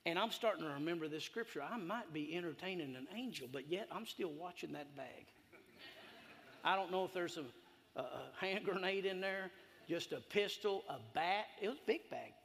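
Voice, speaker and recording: A man preaching with a high, bright, ringing voice. He tells his story in a folksy way, with sudden loud bursts and quiet asides. A long hall reverb trails every phrase. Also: normal speed, gravelly, a little hiss or hum. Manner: folksy, animated, swings from shouting to hushed. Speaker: pastor. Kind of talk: sermon with storytelling. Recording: echoey hall.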